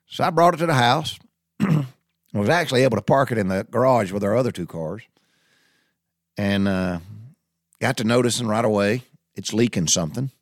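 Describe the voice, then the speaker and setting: A man's voice: mid-range voice, animated, normal speed, pauses often, no room sound, clean studio sound. A man telling viewers a long personal story in a folksy, easygoing way. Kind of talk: casual anecdote told to viewers.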